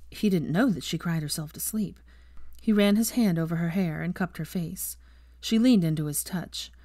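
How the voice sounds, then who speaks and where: Woman narrator, fan fiction reading, calm and even, lowish voice, dry close sound. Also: normal speed, no echo. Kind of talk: storybook narration.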